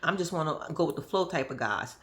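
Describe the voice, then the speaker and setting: A woman imitating a laid-back man just out of prison, talking in a halting, drawling way. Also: sits low, lively intonation, a bit bright, voice pushed down.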